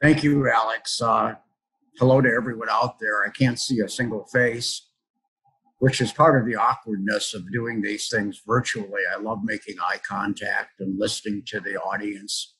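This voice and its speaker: An older man, an author, speaking over a video call and telling a personal story in a slow, reflective way. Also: on the low side, fairly even intonation, sharp tone, husky, poor audio. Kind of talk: storytelling talk.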